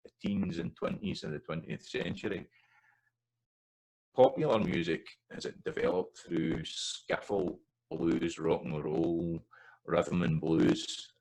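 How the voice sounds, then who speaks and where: Scottish male tutor, deep voice with a gravelly edge, thoughtful and halting, breaks into recited song lines. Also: a little mellow, poor audio. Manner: thoughtful, halting explanation with many restarts and fillers. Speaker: language teacher. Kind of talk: educational explanation with sung and recited examples.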